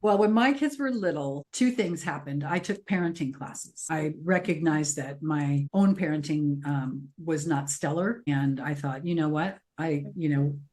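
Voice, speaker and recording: A woman's voice: low voice, a little slow, few pauses. A middle-aged woman co-hosting a podcast, chatting casually and telling stories in which she acts out her children's voices. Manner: animated storyteller acting out children's voices. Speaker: podcast co-host. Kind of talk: casual chat.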